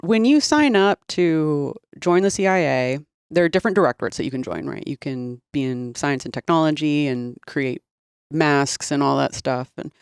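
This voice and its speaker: A woman, a former intelligence officer, talking as a guest in a casual podcast conversation with quick laughs. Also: deep voice, clear, resonant tone, no echo, clean studio sound. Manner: animated, laughs easily.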